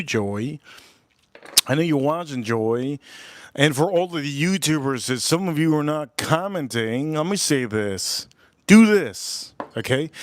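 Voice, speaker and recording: A man's voice: a little high, no echo, clean studio sound. A jet-lagged man hosting a casual livestream, repeating himself, swearing loosely and calling out to viewers. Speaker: livestream host.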